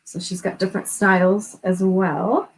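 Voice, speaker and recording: A woman co-hosting a live stream, chatting casually and gushing with excitement as she unboxes gifts, laughing often. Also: mid-range voice, moderate pace, rough recording.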